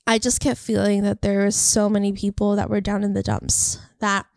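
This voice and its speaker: A woman's voice: medium pitch, flat delivery, normal speed, a little mellow, no echo, studio quality. A young woman talking casually and earnestly to camera about faith and encouragement, rambling and heartfelt. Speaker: faith vlogger. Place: California.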